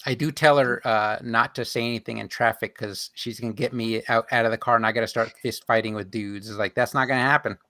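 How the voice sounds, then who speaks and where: A man's voice: on the low side, steady tone, brisk, few pauses, bright, forceful tone, no room sound. Easygoing man chatting on a dry mic. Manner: easygoing, laughs along. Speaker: podcast co-host. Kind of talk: casual chat.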